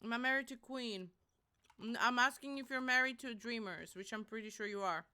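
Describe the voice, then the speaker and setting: Bright, crisp-voiced young woman streamer. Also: fairly high pitch, a little fast. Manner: chatty and rambling, talks to chat. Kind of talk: casual live-stream chat.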